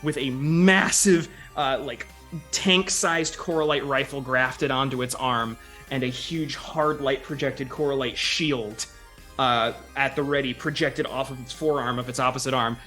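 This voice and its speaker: Bright-voiced man running a tabletop game. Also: medium pitch, steady tone, measured pace, faint music behind. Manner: vivid, with many fillers. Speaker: game master.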